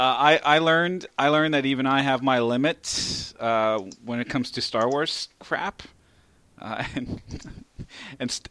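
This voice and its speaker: A man's voice: medium pitch, a bit bright, no echo. A man hosting a casual podcast, laughing often and swearing freely as he chats. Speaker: podcast host.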